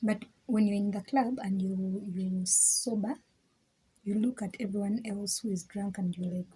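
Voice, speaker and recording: A woman's voice: mid-range voice, steady tone, a little slow, warm tone, slightly rough, low-quality recording. A young woman vlogger telling a personal story in a chatty way, repeating words, laughing often and sometimes dropping to a whisper. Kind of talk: casual storytelling.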